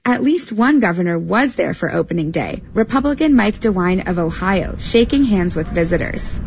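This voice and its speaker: A woman's voice: fairly low pitch, lively intonation, darkish tone, muffled recording, slight background noise. Woman filing a radio news report. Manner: measured, clear delivery. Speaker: news correspondent.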